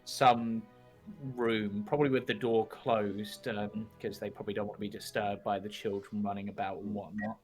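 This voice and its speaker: A man's voice: fairly low pitch, normal speed. Guy gm-ing a tabletop game, chill, lots of ums, some music in back. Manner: relaxed, chuckling, lots of ums. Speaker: game master.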